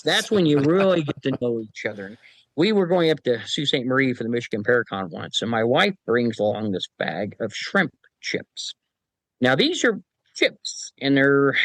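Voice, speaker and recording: A man tells long, folksy anecdotes as a podcast guest, slipping into other people's voices when he quotes them. His voice sits at a middle pitch. The close mic gives a dry sound with no room echo. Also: fairly bright tone. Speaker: paranormal team chief, podcast guest. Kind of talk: casual storytelling interview.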